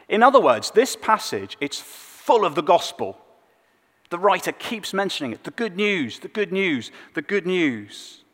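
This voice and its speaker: A man preaching a sermon, swinging between loud emphatic lines and hushed low ones. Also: long reverb tail. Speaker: pastor.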